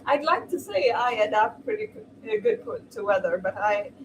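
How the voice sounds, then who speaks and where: A woman's voice: fairly high pitch, very animated, normal speed. A young woman, chatting casually and exclaiming while she cooks. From Sweden. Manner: chatty, exclamatory, laughs easily. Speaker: streamer. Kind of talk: casual chat while cooking. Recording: distant mic with noisy background.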